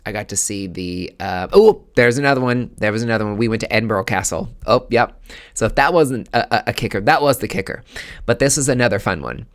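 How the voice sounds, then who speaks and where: A man's voice: on the low side, expressive, a little fast, a bit bright. A man hosting a podcast, telling a personal story in a candid, casual way that grows emotional. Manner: candid, emotional, given to filler words and restarts. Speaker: podcast host.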